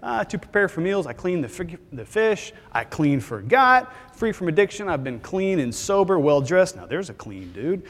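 A man's voice: sits high, moderate pace, few pauses. Joking man lecturing in a hall. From Texas. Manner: joking, conversational, lively delivery. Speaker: physician assistant speaker. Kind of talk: conference lecture. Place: large conference hall. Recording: hall reverb.

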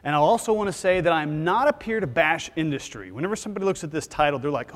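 A man's voice: a little high, fast, few pauses. Joking man lecturing in a hall. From Texas. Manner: joking, conversational, lively delivery. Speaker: physician assistant speaker. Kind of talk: conference lecture. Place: large conference hall. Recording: hall reverb.

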